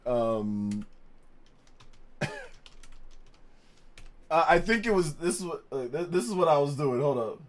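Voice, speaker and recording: A man's voice: a little high, animated, takes it slowly, pauses often. A man live-streaming a game, chatting casually, rambling and laughing often.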